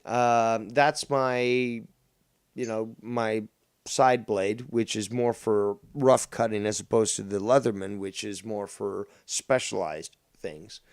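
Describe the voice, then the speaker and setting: A man's voice: on the low side, steady tone, slow pace, smooth, dry recording. Rambling Canadian man, dry close mic. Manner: rambling, full of ums and restarts, swears casually. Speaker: guest. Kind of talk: casual podcast chat.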